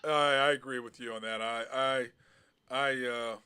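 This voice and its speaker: A man's voice: a little slow, clean tone. A middle-aged man, a former basketball player, co-hosting a casual sports chat, telling stories animatedly and mimicking other people. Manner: animated storyteller, mimics others with big pitch jumps.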